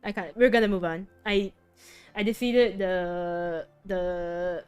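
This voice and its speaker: A woman's voice: medium pitch, steady tone, slow, a bit bright, smooth, soft background music. A young woman streaming a video game, venting her frustration in casual chat with her viewers. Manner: exasperated, venting, chatty with viewers. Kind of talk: casual live-stream commentary.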